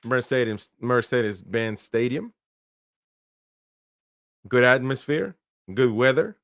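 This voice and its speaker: A man's voice: mid-range voice, expressive, takes it slowly, a bit bright, dry recording, studio quality. A man hosting a live football watchalong, calling the play casually and answering viewers' chat. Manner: casual play-by-play, talks to viewers, laughs often. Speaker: watchalong host. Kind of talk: live match commentary and chat reading.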